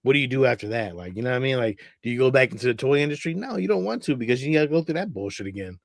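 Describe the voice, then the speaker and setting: A man's voice: medium pitch, expressive, rapid-fire, gravelly, no room sound. A man co-hosting a casual remote geek talk show, laid-back and swearing a lot, often trailing off. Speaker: podcast co-host. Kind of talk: casual chat. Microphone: remote stream mic.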